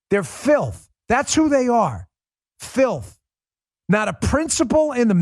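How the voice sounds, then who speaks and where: Male political host, combative ranting style, slightly high voice, dry close sound. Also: no echo. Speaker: political talk show host. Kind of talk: heated political commentary monologue.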